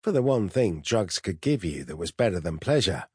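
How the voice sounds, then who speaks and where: Deep husky male narrator. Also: big pitch swings, normal speed, dry recording, studio quality. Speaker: audiobook narrator. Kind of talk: first-person scripted narration.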